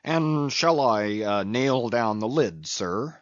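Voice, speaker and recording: Fussy, muttering old ship's carpenter, performed by a man; lively grumbling delivery, dry recording. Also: medium pitch, slow, no echo, dull audio. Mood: hesitant. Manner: hesitant, muttering, grumbling to himself.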